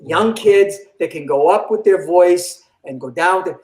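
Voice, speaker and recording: Older male comedian, high voice, animated storyteller acting out quotes, roomy echo. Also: measured pace. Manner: animated, acts out quoted dialogue. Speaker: comedian guest. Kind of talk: storytelling in an interview.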